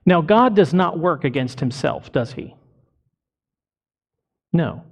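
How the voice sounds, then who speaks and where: A man's voice: a little high, animated, slow pace, vocal fry, breathy edge. A male pastor delivering a sermon to his congregation, emphatic and full of rhetorical questions. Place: church congregation.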